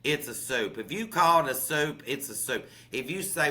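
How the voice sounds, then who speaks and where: A man's voice: a little high, lively intonation, moderate pace, hardly any pauses, sharp tone. A man with a Southern US accent, a chef co-hosting a podcast, chatting casually and folksily about recipes, often saying "honey" and "okay?". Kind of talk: casual cooking chat.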